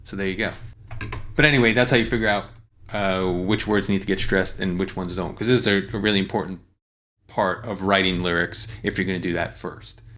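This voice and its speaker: Guy with a lowish voice talking thru lyric stresses, laid back, lots of ums. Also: brisk. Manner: relaxed, explanatory, with frequent fillers and restarts. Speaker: songwriting teacher. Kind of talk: casual screen-share tutorial.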